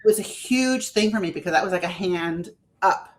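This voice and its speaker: A woman guesting as a spiritual life coach on a podcast, talking in a gentle, earnest, reflective way. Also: on the low side, moderate pace. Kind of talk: podcast conversation.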